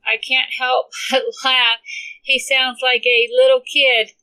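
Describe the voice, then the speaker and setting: Bright, steady woman narrator. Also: on the high side, takes it slowly, poor audio. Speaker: audiobook reader. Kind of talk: first-person story narration.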